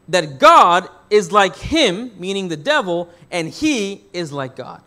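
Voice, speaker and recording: A man's voice: sits high, sing-song, takes it slowly, sharp tone. A man preaching a sermon as pastor. He asks the congregation questions and answers them himself, rephrasing as he goes. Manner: rephrases and restarts mid-thought.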